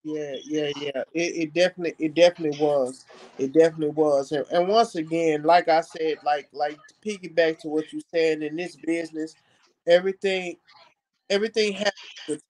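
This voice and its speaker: A man hosting a casual film discussion, animated and repeating phrases for emphasis. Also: a little high, moderate pace, low-quality recording. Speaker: podcast host.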